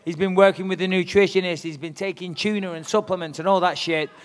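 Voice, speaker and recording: A man at a press conference, taunting and swearing with cocky swagger. His voice sits high for a man. It rings out with a long reverb, as in a big hall. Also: fairly even intonation, quick pace. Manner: brash, profane, taunting. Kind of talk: trash talk at a press conference.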